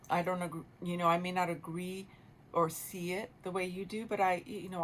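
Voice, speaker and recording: A woman hosting a talk radio show, giving earnest, reflective parenting advice with pauses and restarts, in a radio studio. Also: mid-range voice, a little hiss or hum.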